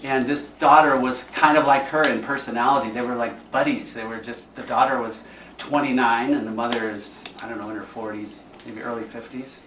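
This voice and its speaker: A man's voice: mid-range voice, fairly even intonation, a little fast, fairly bright tone. A man, a priest, giving an informal, conversational teaching talk and acting out the voices of people he quotes. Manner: conversational, acts out quoted speech. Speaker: priest leading a class. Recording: echoey room, distant mic, faint noise.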